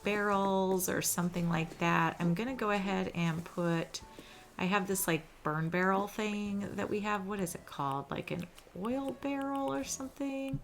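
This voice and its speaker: Cozy, chatty woman gaming host. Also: mid-range voice. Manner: chatty and cozy, often says "little". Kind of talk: casual gameplay commentary. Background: background music.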